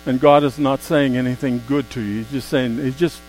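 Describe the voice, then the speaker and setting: A man preaching a sermon in a mid-pitched voice. He drops to quiet, drawn-out asides, then climbs to loud, emphatic exclamations. A faint electrical hum sits under the recording. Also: steady tone, rough recording.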